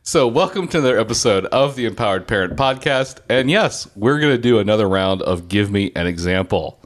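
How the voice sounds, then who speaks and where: Man, deep voice, podcast host, playful, thoughtful. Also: animated, a little fast, no echo. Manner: playful, leads the game, thoughtful asides. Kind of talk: casual podcast hosting.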